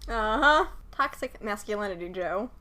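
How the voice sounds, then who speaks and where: A woman's voice: medium pitch, expressive, normal speed, sharp tone. A young woman co-hosting a podcast, blunt and sarcastic as she recaps a film, swearing freely. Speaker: podcast co-host. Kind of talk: casual movie discussion.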